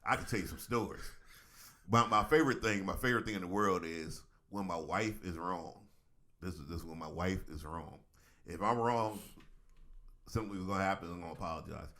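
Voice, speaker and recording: A middle-aged man, a reverend co-hosting a talk show, telling stories in a casual, animated way with frequent laughs. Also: low-pitched, fairly quick. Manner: animated storyteller, laughs often, acts out voices. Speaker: co-host, reverend. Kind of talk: casual chat.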